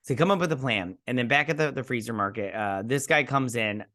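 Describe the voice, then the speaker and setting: A man's voice: medium pitch, fast talker, bright, forceful tone. Chatty rambling man recapping a show. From Michigan. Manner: chatty, rambling, acts out characters' lines. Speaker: host. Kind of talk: casual episode recap review.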